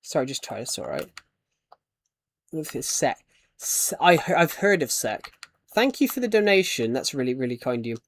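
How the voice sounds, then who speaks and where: A man's voice: medium pitch, big pitch swings, moderate pace, long pauses, a little hiss or hum. A young man with a British accent, chatting casually as he streams a game and thanks viewers. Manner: chatty, thanks donors, trails off in restarts. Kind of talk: casual live-stream chat.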